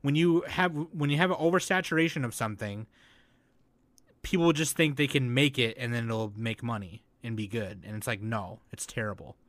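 A man co-hosting a casual anime review chat, excitable and swearing often as he mocks shows. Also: medium pitch, moderate pace, no echo. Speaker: podcast co-host.

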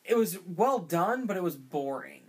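Picture a person chatting casually about a film on a podcast, circling their point through fillers, false starts and loose swearing. The voice sits at a middling pitch and moves along easily, with no particular edge to it. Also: lively intonation, normal speed, creaky, a little mellow, slightly rough. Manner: rambling, many fillers and restarts. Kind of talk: casual movie discussion.

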